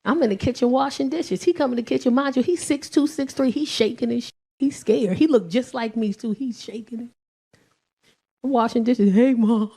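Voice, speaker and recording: A middle-aged woman performing stand-up, telling family stories in an animated, profane way. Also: fairly high pitch, normal speed, breathy edge. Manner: animated, profane, acts out voices of her son and boyfriend. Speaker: stand-up comedian. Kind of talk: stand-up storytelling. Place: comedy club stage.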